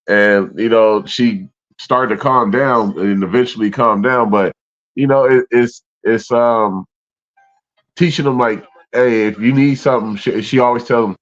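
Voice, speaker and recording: A man co-hosting a podcast in a casual chat, laid-back and slangy, swearing casually and reading out viewer comments. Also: mid-range voice. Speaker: podcast co-host. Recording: dull lo-fi sound.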